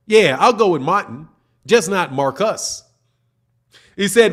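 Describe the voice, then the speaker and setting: A middle-aged man who hosts a boxing channel reads his live chat in a high, bright-ish voice with lively intonation at a normal speed. In this casual live stream he talks loosely with viewers in slang and jokes back at their comments.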